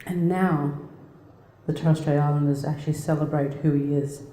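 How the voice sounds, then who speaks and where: A woman's voice: low-pitched, fairly even intonation, moderate pace, warm tone. A woman, giving a heartfelt, conversational talk as a guest speaker and telling personal stories with many restarts. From Australia. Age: 40s. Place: lecture hall. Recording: echoey lecture hall reverb.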